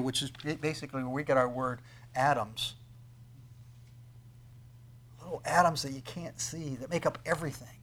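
A middle-aged male pastor preaching a sermon, building to loud, soaring emphasis on scripture readings and then dropping back to a quiet, personal tone. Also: mid-range voice, normal speed, pauses often.

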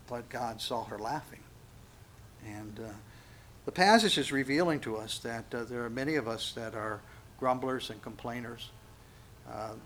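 A middle-aged man delivers a sermon in an animated manner, slipping into the voices of the people he quotes. His voice sits in a middle pitch for a man. A faint hiss of noise runs underneath the recording. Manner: animated, acts out quotes and asides. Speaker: pastor.

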